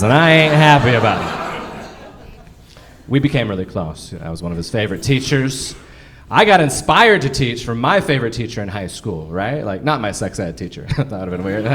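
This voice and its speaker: A young man doing a stand-up comedy set on a club stage, crude and self-mocking, with punchy delivery and bursts of shouting. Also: medium pitch, a little hiss or hum. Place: comedy club stage before a live audience.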